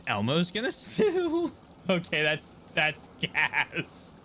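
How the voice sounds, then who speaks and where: Bright-voiced, laughing male streamer. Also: on the high side, wildly swooping pitch, very slow, slight background noise. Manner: laughs often, swears, playful and talkative. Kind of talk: casual live-stream chat while gaming.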